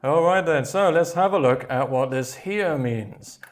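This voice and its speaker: A man teaching vocabulary in a slow, patient way, repeating key words and filling pauses with "okay, there we go". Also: a little high, soft background music. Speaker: English teacher. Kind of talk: slow explanatory vocabulary lesson.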